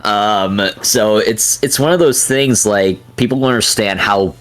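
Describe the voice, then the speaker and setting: A man's voice: fairly low pitch, a little slow, fairly bright tone, faint music behind. A man co-hosting a casual podcast chat, rambling and musing with lots of fillers. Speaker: podcast co-host.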